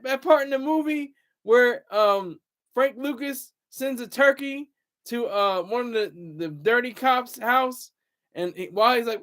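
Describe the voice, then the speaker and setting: A man's voice: high-pitched, animated, normal speed, fairly bright tone. A man in his thirties hosting a casual livestream, rambling loosely and reading viewer comments aloud. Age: 30s. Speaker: livestream host.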